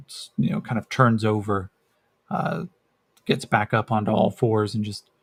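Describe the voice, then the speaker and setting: A man's voice: lowish voice, expressive, unhurried, creaky, breathy edge. A man narrating a solo tabletop role-playing game as game master, casual and hesitant with many fillers.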